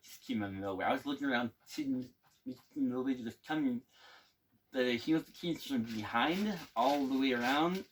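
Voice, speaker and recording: A young man casually telling a boot camp storytime, rambling and laughing often, with casual swearing. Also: mid-range voice. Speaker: navy veteran telling stories.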